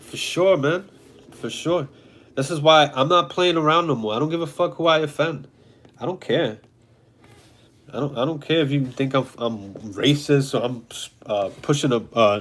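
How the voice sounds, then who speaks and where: A man, hosting and telling a blunt, profane story in casual monologue. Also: mid-range voice. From New York City. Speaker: host.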